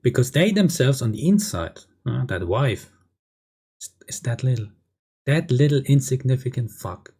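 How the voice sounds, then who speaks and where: A man's voice: medium pitch, lively intonation, moderate pace, mellow, breathy edge. A man delivering a blunt, crude lecturing monologue, often tagging lines with "yeah?". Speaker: video creator. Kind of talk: ranting monologue.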